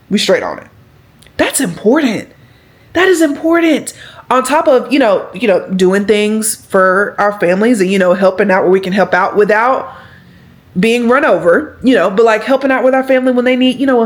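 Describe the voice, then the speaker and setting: Earnest young woman vlogging casually. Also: medium pitch. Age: 20s. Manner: earnest, rambling, with many fillers and restarts. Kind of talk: casual talk to camera.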